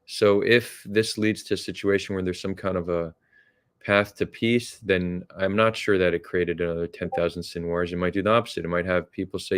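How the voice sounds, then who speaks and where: With a deep voice and fairly even intonation, a man hosting a podcast speaks a little fast. He converses casually in a thoughtful, hesitant manner full of restarts.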